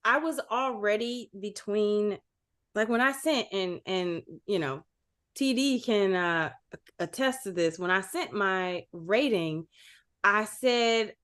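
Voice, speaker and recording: A woman co-hosting a podcast, talking in an animated, candid way and swearing casually. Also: medium pitch, slow pace. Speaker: podcast co-host. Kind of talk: casual chat.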